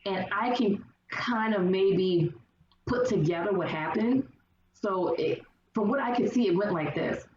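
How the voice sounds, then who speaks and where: A woman guest in a relaxed podcast chat, animated as she tells stories. Her voice sits mid-range. The recording is roomy and distant, lo-fi, with faint noise underneath. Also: medium pitch, unhurried. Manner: animated storyteller who acts out quotes. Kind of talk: casual conversation.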